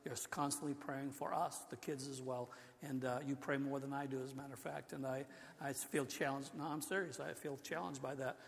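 A man's voice: mid-range voice, fairly even intonation, a little fast, creaky, slightly rough. An older man preaching a sermon in a church, talking in a conversational way, often restarting his sentences. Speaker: pastor. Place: church sanctuary. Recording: long hall reverb.

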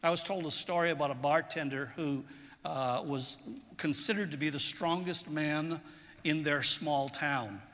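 Bright-voiced male preacher in a reverberant hall. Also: on the high side, measured pace. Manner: conversational, storytelling, repeats words. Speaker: pastor. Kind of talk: sermon.

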